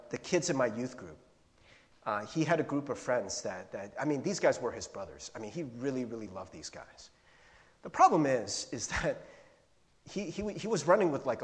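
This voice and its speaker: A man in his forties preaching a sermon as a youth pastor, in a casual, animated way with slang and stammered restarts. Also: mid-range voice. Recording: long hall reverb.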